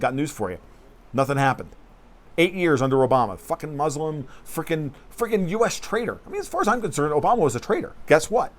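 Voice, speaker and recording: A man hosting a casual political livestream, talking bluntly and profanely in a rambling way and reading viewer comments aloud. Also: medium pitch. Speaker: livestream host.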